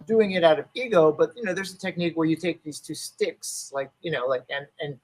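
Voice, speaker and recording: Heard through poor audio, this fairly high, darkish male voice moves fairly quickly. The speaker, a martial arts instructor and actor in his fifties, shares a story in a relaxed interview, chatting loosely, filling it with "you know," and imitating the people he quotes.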